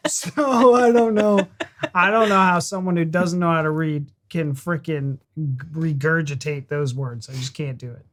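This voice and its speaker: An American woman with a notably low voice, co-hosting a reaction video. She jokes around bluntly, with casual swearing and self-mockery. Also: fairly even intonation, moderate pace. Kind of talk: casual chat.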